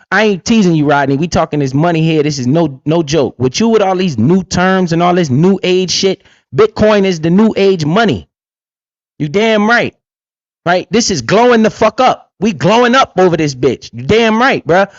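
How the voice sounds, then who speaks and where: A man's voice: on the high side, no room sound. A man hosting a casual livestream, swaggering and profane, tossing in "right?" again and again. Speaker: livestream host. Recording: dull lo-fi dry sound.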